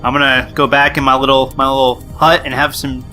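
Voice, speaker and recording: A man co-hosting a casual podcast, jokey and quick with a wisecrack. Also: medium pitch, little pitch movement, bright, forceful tone, faint music behind. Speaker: podcast co-host.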